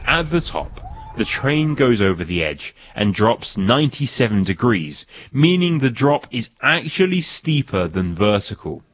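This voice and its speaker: A man presenting a documentary, narrating and interviewing with lively enthusiasm. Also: medium pitch, unhurried. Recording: slightly muffled with faint noise.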